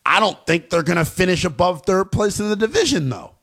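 A man hosting a call-in sports radio show, brash and animated as he trash-talks teams with callers. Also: high voice, a little fast, vocal fry.

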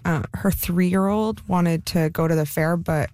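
A woman producer casually recounting listener stories, chatty and quick to laugh. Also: on the low side, darkish tone, no echo. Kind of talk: casual storytelling.

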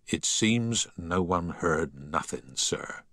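A man reading as a blunt dockyard foreman, curt and matter-of-fact, with a low, bright-edged voice. His delivery moves up and down a lot, recorded close and dry. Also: expressive, takes it slowly, no echo, exaggerated voice.

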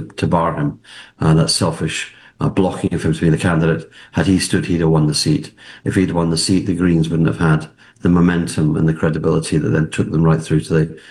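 A man's voice: deep voice, creaky, darkish tone. A man, a political commentator, arguing his points emphatically in a news interview, often repeating words as he presses on.

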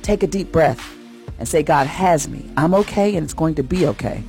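A woman's voice: low-pitched, animated, normal speed. Woman radio host, earnest and preacherly, faint music underneath. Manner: warm, earnest, preacherly, rising in emphasis. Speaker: radio host giving a faith message. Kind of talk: inspirational radio talk.

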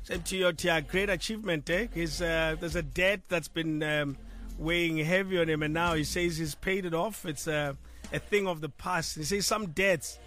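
A South African man hosting a radio call-in show, talking in an animated, excitable way. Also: on the high side, normal speed. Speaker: radio host. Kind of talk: casual radio call-in chat. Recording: music playing behind voice. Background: music.

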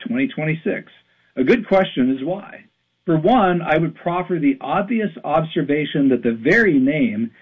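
A man's voice: a little high, slightly rough. A man in his fifties from western Pennsylvania, reading an emphatic radio commentary. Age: 50s. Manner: animated, emphatic delivery. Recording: tinny phone-like line.

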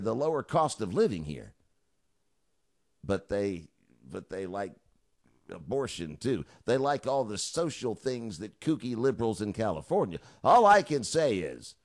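A man's voice: medium pitch, a little mellow. A middle-aged man hosting a talk radio show, delivering a chatty monologue with joking asides.

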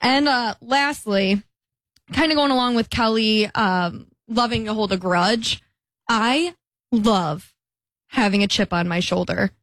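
Young woman, podcast co-host, casual and chatty, slightly high voice, dry close mic. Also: a little slow, no room sound. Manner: chatty, animated storytelling with quoted voices. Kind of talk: casual chat.

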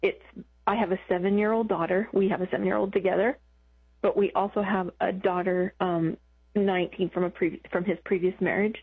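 A woman calling in to an advice show, talking haltingly with many restarts and emotion in her voice. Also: mid-range voice, steady tone, husky. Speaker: caller. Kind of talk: phone-in advice call. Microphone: telephone. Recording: tinny phone line.

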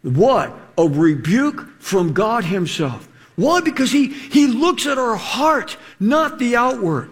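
A man preaching a sermon in an animated, rhetorical way, acting out the quotes he reads. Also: extremely high pitch, takes it slowly, slightly rough.

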